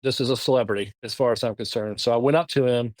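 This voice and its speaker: Southern-accented man, middle-aged, guest storyteller, lively restarts, dry studio mic. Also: medium pitch, no room sound. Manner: animated, halting, lots of restarts. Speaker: podcast guest. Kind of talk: casual storytelling.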